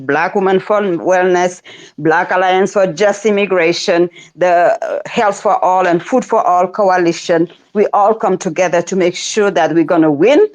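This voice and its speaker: A woman in her forties with a Senegalese accent, speaking as a guest activist in a casual roundtable, halting and repeating words, often laughing. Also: on the low side. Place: online audio room.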